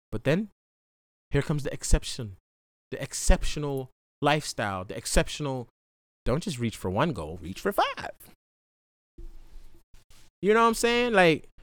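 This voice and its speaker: A young man hosting a podcast, talking through a raw, profane solo monologue that swings from hushed to loud outbursts. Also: high voice, dry recording, studio quality. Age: young adult. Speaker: podcast host.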